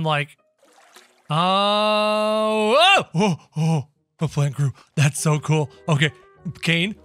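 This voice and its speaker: High, lively excitable gaming man. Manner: excitable and jokey, talking to viewers. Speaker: gaming commentator. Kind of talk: let's-play game commentary.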